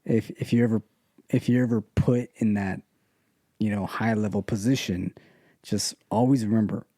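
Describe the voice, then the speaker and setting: A man guest on a podcast, speaking in a halting way and repeating words as he works out his point. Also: fairly low pitch, fairly even intonation, mellow, no echo, clean studio sound. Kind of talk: casual conversation.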